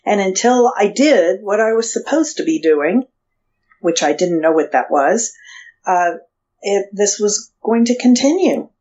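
A woman speaks slowly and hesitantly, often restarting her sentences as she tells a personal story. Her pitch sits in the middle of the range. The sound is dull and lo-fi. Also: lively intonation, a little mellow. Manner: hesitant, halting with restarts and fillers. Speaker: guest.

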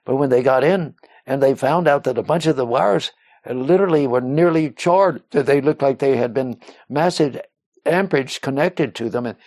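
A man with a mellow, warm voice tells a personal story in an interview, circling back with restarts and "uh"s. He slips into the voices of other people as he quotes them. The sound is close and dry, with no room around it. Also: mid-range voice, normal speed, no echo. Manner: rambling, with frequent restarts and "uh" fillers. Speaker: interview guest.

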